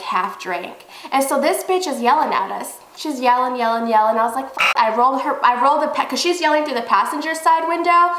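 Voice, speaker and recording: A young woman telling a casual storytime vlog, animated and profane, acting out what people said. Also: high voice, roomy sound. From Arizona. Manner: animated, profane, acts out quotes.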